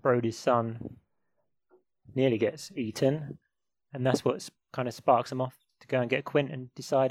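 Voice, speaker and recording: A man's voice: medium pitch, fairly even intonation, moderate pace, a little mellow. A man co-hosting a podcast, talking in a laid-back, hesitant way with fillers. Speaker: podcast co-host. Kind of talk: casual film chat.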